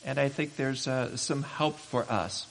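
A man preaching a sermon as pastor, emphatic and building to loud exhortation. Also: mid-range voice, unhurried, a little hiss or hum. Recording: reverberant hall.

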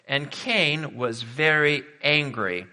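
A man's voice: a little high, slow, bright, forceful tone, long reverb tail. A man preaching a sermon in a conversational way, thinking aloud and posing rhetorical questions.

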